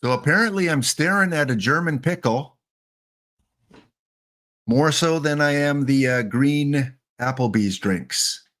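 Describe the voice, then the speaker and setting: A man's voice: fairly high pitch, a little slow, a bit bright. A man hosting a livestream in casual chat, rambling and joking with viewers, a little winded. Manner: rambling, playful, talks to chat. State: a bit winded. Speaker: livestream host.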